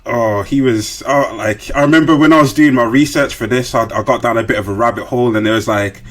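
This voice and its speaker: A man hosts a podcast in a relaxed, chatty way. His voice is mid-pitched, and he is easygoing, with plenty of slang and fillers. He often restarts his sentences as he goes. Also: a little fast, a little hiss or hum. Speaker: podcast host. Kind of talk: casual interview chat.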